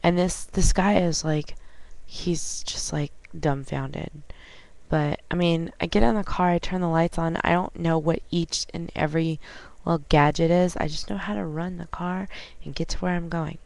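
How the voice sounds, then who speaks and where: A woman with a low voice talks casually into a home webcam. She tells a story in an animated way, acts out each side of a conversation, and now and then coughs or clears her throat. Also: moderate pace, no echo. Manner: chatty, animated retelling with quoted dialogue. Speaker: vlogger.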